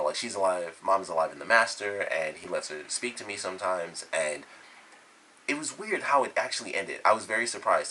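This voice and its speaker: A man's voice: sits low, sharp tone, slight background noise, rough recording. A man giving a casual, rambling spoken review of a TV episode, retelling scenes with lots of fillers. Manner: rambling, enthusiastic, loose retelling with many fillers.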